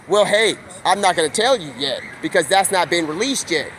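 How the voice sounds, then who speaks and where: A man with a high, bright, tense voice spins a rambling, made-up story live on stream, jumping between quoted characters without stopping. He talks in one long improvised flow. Faint traffic noise hums behind him. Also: lively intonation. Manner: rapid stream-of-consciousness, slips into quoted voices.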